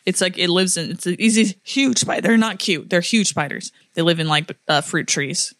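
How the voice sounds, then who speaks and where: Chatty young woman with a low voice. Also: moderate pace, fairly bright tone, no room sound, studio quality. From Florida. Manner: chatty storyteller with many fillers and laughs. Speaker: podcast co-host. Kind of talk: casual chat.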